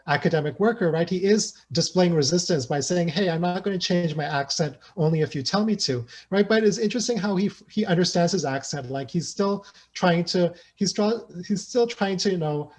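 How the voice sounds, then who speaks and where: A man's voice: on the high side, a little mellow. A man giving an academic lecture at an online seminar, thinking aloud and often checking in with "right?" and "you know". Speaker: sociolinguistics researcher presenting a talk.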